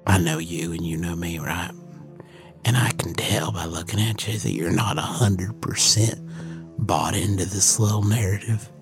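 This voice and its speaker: A man playing a shifty, smooth-talking mercenary who rambles and slips into a conspiratorial hush. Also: low-pitched, normal speed, over music. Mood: sly.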